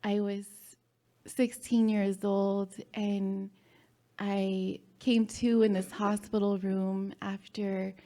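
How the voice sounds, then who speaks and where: A woman shares a personal story at a live storytelling event, speaking slowly with a mellow, warm tone. She is halting and heartfelt, pausing on fillers and letting small laughs slip through. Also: medium pitch, level tone.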